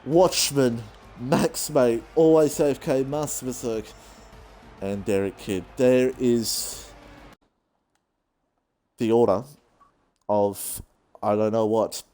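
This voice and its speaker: Breathless guy calling a sim race, mellow voice, little music playing behind. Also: mid-range voice, slow pace, pauses often. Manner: excitable, rambling, out of breath. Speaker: race commentator. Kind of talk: live sim racing commentary.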